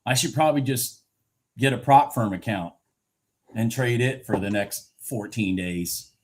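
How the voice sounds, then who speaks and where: A man's voice: medium pitch, measured pace, a little mellow, a little hiss or hum. Frustrated man trading live on stream. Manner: frustrated, swearing, talking to himself and chat; laughs at himself, repeats phrases. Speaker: livestream futures trader.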